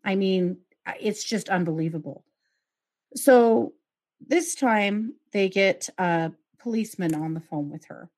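A woman's voice: medium pitch, a little slow, darkish tone. A woman hosting a podcast, retelling a true crime case and acting out the quoted calls with outraged asides. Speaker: podcast host.

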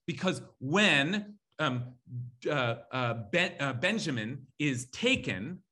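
In an animated biblical lecture, a Torah teacher hammers key words through emphatic repetition, reads Hebrew terms aloud, and thinks aloud with fillers and self-corrections. His voice is fairly high, very animated, slow, pushed and bright.

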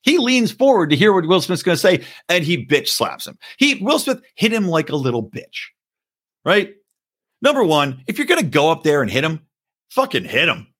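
A man's voice: fairly high pitch, big pitch swings, normal speed, fairly bright tone, slightly rough. A man hosting a podcast, delivering a profane, mocking opinion rant. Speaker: podcast host. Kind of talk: opinionated commentary.

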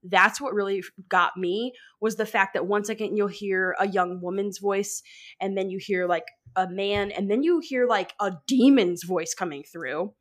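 A woman co-hosting a podcast in casual chat, rambling and excitable, filling her talk with "like.". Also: mid-range voice, moderate pace. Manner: rambling, fills with "like"; excitable, laughs often. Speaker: podcast co-host.

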